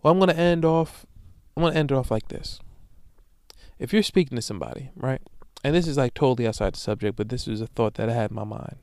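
A young man with a medium-pitched, slightly mellow voice talks fast on his solo podcast, rambling through stories in profane slang. He often asks "you know what I'm saying", and there's no room sound.

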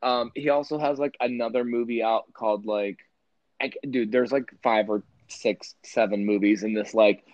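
A man's voice: on the low side, fairly even intonation, normal speed, a little mellow, dry recording, muffled recording. Casual swearing man in easy chat. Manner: casual, swearing, many fillers like "like" and "um". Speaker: podcast co-host.

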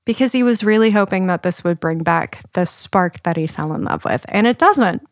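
A woman's voice: fairly low pitch, expressive, moderate pace, no echo. A young woman co-hosting a podcast, chatting casually and laughing often as she recounts a story's plot. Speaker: podcast co-host. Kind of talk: casual chat.

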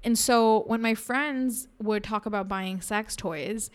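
A woman's voice: on the high side, slow pace. A young woman from India talking frankly in a candid personal monologue, laughing often and sounding a bit self-conscious.

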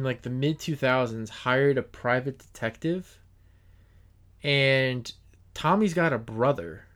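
Rambling male podcast host. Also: medium pitch. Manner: rambling storyteller with many restarts. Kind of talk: casual podcast chat.

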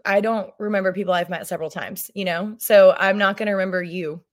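A woman's voice: medium pitch, fairly even intonation, fast talker. Rambling, laughing woman guest. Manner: rambling, self-interrupting, laughs often. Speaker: podcast guest. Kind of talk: casual chat.

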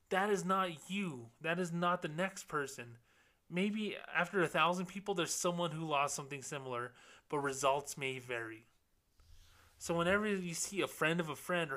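A man's voice: fairly high pitch, normal speed, bright, forceful tone. A man hosting a podcast, ranting sarcastically about money and scams and mocking complainers in put-on quotes. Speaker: podcast host, former banker. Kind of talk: casual ranting monologue.

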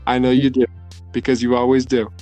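A man's voice: mid-range voice, completely flat delivery, brisk, mellow, soft background music, lightly acted. A man putting on a boastful older male politician at a rally, repetitive and bragging, talking to the crowd as folks.

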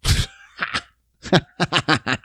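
A man's voice: drawn-out words, sharp tone, dry recording. A man ranting casually, profane, sarcastic and rambling. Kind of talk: casual rant.

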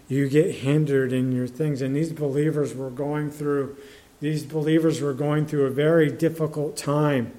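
Preacher, male, slightly higher-pitched voice, loose and chatty delivery full of restarts. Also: mellow. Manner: conversational, halting, many restarts and fillers; reads scripture in older English. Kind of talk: sermon.

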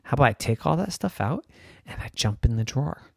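A man voicing a sleepy young boy who hunts for a place to sleep, talking in an excited, bouncy way. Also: mid-range voice, fast talker, creaky, no room sound, studio quality. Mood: scheming.

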